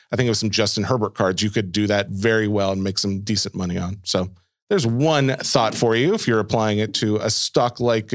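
A man co-hosting a podcast in casual chat, reading listener mail aloud and answering in a relaxed way. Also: lowish voice, dry recording, clean studio sound. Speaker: podcast co-host.

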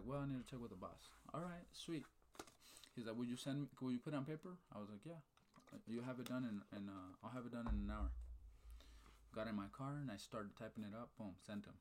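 A man in casual chat, telling a story with energy, asking "right?" and "okay?" often, with casual swearing and talk of faith. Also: mid-range voice. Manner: animated storyteller, fired up, repeats "right?" and "okay?".

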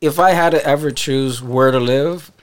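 A man with a New York accent talks casually on a podcast, blunt, profane and full of slang. His voice sits at a middling pitch. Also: moderate pace, clear, resonant tone. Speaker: podcast co-host. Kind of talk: casual chat.

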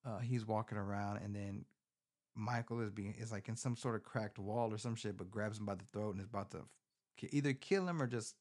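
A man hosting a podcast, recapping a film in a casual, profane, rambling way with animated storytelling, recorded on a phone. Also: on the low side, brisk. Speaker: podcast host.

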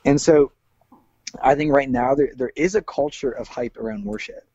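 A man's voice: mid-range voice, normal speed, mellow, slightly rough, no room sound, highs cut off. A man who is a worship leader, speaking earnestly in a casual interview, with many fillers and restarts.

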